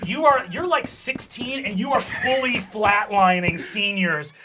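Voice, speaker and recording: A man's voice: high voice, unhurried, a loud crowd. A young man narrating a tabletop game as game master, casual and full of fillers and swearing.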